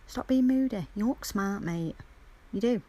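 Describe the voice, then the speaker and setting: A woman's voice: medium pitch, a little slow, warm tone. Woman coaxing her cat. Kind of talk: casual video to a pet.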